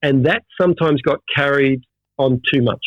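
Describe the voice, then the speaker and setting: A middle-aged Australian man, a veteran firefighter, talking in an animated storytelling way with many restarts in a casual interview. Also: mid-range voice, moderate pace, no room sound. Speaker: firefighter guest. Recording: dull dry audio.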